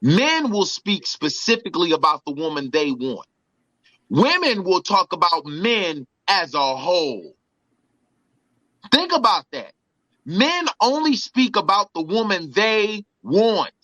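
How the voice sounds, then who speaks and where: A man with a high, bright voice, co-hosting a loose comedic podcast chat. His pitch swings widely as he mimics other people for laughs. The sound is dry and close. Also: very animated, takes it slowly, dry recording, muffled recording. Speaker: podcast co-host.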